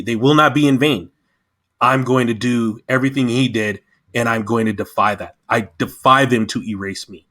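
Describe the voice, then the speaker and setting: A man in casual chat on a podcast, talking with passion and getting emotional as he reviews a show. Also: medium pitch. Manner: impassioned, animated. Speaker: podcast guest.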